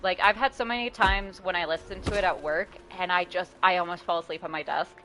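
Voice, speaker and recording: A woman's voice: fairly low pitch, steady tone, fairly quick, sharp tone, soft background music. A woman game streamer chatting casually and rambling, laughing often and swearing freely. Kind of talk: casual live-stream chat.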